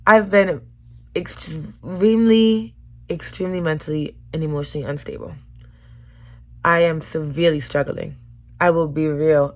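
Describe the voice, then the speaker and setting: Low-voiced woman talking frankly. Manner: frank and emotional, with slang and swearing. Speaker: vlogger. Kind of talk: candid personal vlog talk.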